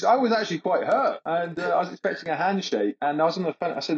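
A man's voice: on the high side, racing, few pauses. A man in his thirties, a comedian guest, telling casual anecdotes in a hesitant, rambling way and laughing through them. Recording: dull lo-fi podcast audio.

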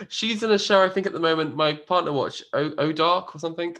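Male podcast host, casual chat, animated delivery, laughs often, lively pitch. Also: normal speed, a little hiss or hum.

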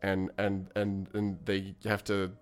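A man with a very low voice chats casually as a podcast co-host, rambling through restarts and laughing often. Faint music hums underneath him. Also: completely flat delivery, slow. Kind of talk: casual chat.

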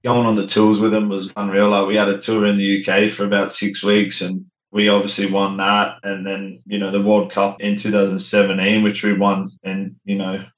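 A man's voice: fairly low pitch, completely flat delivery, moderate pace, hardly any pauses, reverberant, poor audio. A man in his thirties with an Australian accent, a former rugby league player talking casually as an interview guest, laid-back, with lots of "like" and "you know".

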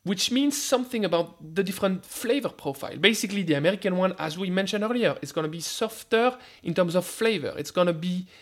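A man's voice: sits high, lively intonation, fast, hardly any pauses, fairly bright tone. A man with a French accent, a food scientist guest on a radio show, talking animatedly and often repeating words as he starts a sentence. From France. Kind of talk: radio interview.

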